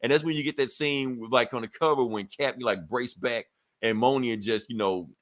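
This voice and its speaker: A man's voice: mid-range voice, fairly quick. A man co-hosting a podcast, recapping a comic book in a loose, profane, laughing way. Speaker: podcast co-host.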